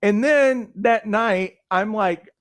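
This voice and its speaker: A middle-aged man and life coach trainer who teaches through animated, conversational personal stories. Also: high-pitched, slow pace, clean tone, no room sound. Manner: conversational, lots of fillers and restarts, animated storytelling.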